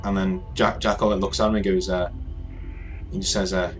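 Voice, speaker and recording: A man narrating a tabletop role-playing game as game master, halting and full of fillers. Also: low voice, little pitch movement, faint music behind.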